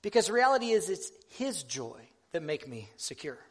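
A man's voice: fairly high pitch, big pitch swings, moderate pace. A man giving a sermon in a conversational, self-deprecating way, often restarting his sentences. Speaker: preacher.

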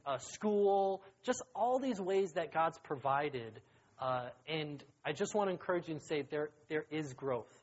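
A young adult man preaching as a youth pastor in a casual, joking, conversational sermon that rises to excited emphasis. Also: a little high, slightly rough. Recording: dull lo-fi recording.

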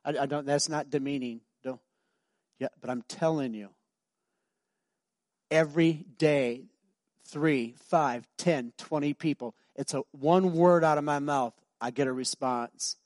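A man's voice: on the high side, measured pace, darkish tone, no echo. A middle-aged man pastor preaching a sermon, emphatic and repetitive, telling stories in a conversational way.

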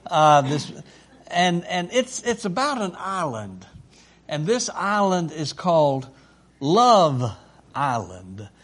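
A man hosting a casual chat at home, talking haltingly and tenderly with many pauses and fillers. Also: high-pitched, big pitch swings.

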